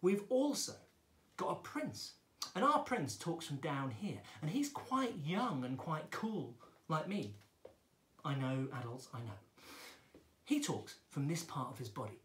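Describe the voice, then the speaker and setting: Role: children's drama teacher. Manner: chatty, playful. Pitch: lively. Room: echoey. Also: male voice, unhurried.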